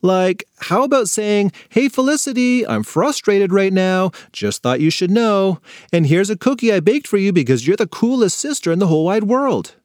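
A man's voice: sits high, animated, moderate pace, few pauses, a little mellow, no echo, studio quality, voice pushed up. A man voicing an exasperated young girl, the bossy older sister in a storybook for kids.

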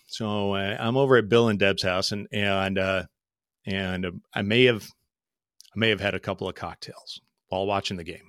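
A man's voice: mid-range voice, clean tone, no echo, studio quality. A middle-aged man telling flying stories in a casual podcast chat, acting out the voices of the people in them. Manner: animated, acts out quoted voices. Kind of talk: casual storytelling.

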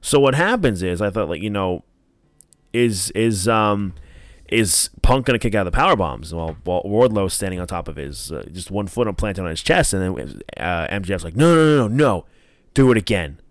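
Man with a low, smooth, dry voice. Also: expressive, normal speed, no echo. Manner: rambling, many fillers, acts out quotes in a raised voice. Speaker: wrestling podcast host. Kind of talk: casual commentary review.

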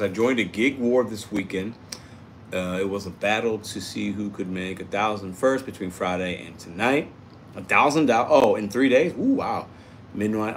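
A man's voice: lowish voice, fairly bright tone, a little hiss or hum. Upbeat man chatting on a livestream. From Puerto Rico. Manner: upbeat, chatty, reacts to viewer comments. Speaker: livestream host reading chat. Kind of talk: casual livestream chat.

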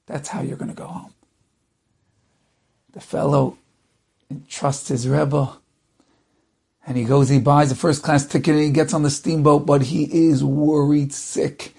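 A man telling a religious story dramatically, with animated shifts of pace. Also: on the high side, a little slow, vocal fry, slightly rough.

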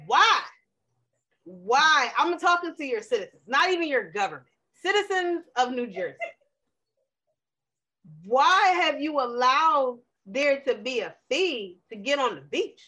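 A woman co-hosting a relaxed podcast, trading animated stories and playful wordplay. Her voice sits high and bright, and she laughs easily as she talks. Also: measured pace. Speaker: podcast co-host. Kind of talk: casual chat.

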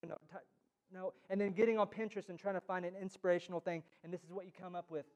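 High-voiced man preaching with teasing jabs. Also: steady tone, quick pace. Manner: joking, teasing delivery with sudden loud jabs. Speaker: pastor. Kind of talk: sermon. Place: church.

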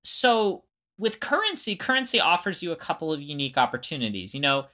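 A man's voice: a little high, very animated, brisk, sharp tone. A man co-hosting a podcast who explains history in a casual way and thinks aloud. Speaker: podcast co-host.

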